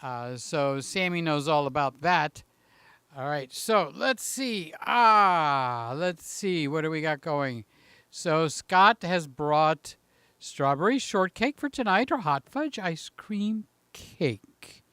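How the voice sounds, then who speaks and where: High, crisp-voiced man chatting on a live stream. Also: expressive, slow pace, pushed and bright, no echo. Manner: chatty, jokey, reads chat aloud. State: a little out of breath. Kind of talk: casual live stream chat. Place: room in his house. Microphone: handheld mic.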